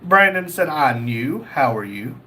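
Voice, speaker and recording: A man's voice: on the high side, sing-song, a little slow, bright, forceful tone. A young man hosting a casual livestream, reading chat messages aloud and joking.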